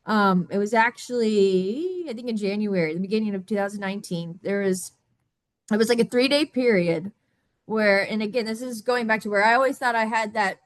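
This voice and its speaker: A woman in her thirties speaking on a video call, telling her own story in a halting way with many restarts and repeated words. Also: on the high side, no echo. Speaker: summit guest speaker. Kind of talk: candid personal storytelling.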